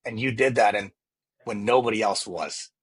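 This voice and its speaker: A man's voice: fairly low pitch, moderate pace, husky. A man talking earnestly as a podcast guest, often restarting and repeating words. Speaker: real estate agent, podcast guest. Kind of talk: casual interview chat.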